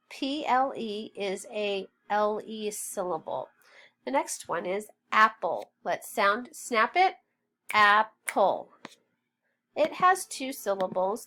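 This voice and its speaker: A woman's voice: fairly high pitch, a bit bright. A woman teaching a phonics lesson, spelling out letters and sounding out words in a patient, encouraging way. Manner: slow, deliberate, spells out sounds.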